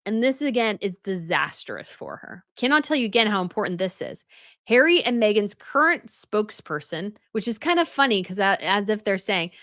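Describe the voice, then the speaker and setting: A woman's voice: medium pitch, sing-song, moderate pace, fairly bright tone, no echo, studio quality. A woman giving casual news commentary as a channel host, chatty and full of fillers.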